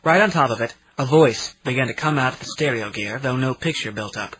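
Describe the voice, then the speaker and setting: A man narrating an audiobook in the first person, in a steady reading manner. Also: medium pitch, brisk, slightly rough, poor audio. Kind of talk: scripted narration.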